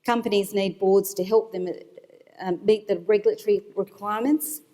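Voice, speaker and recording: A woman panelist speaking as an institutional investor, explaining her points in a measured way with some fillers, at a conference. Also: medium pitch, fairly even intonation, warm tone. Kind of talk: panel discussion remarks. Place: conference hall. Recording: long hall reverb. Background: hall reverb.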